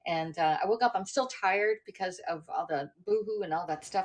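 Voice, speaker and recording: A woman's voice: medium pitch, moderate pace. A middle-aged woman hosting a casual livestream, talking in a rambling, chatty way full of fillers and restarts. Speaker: livestream host.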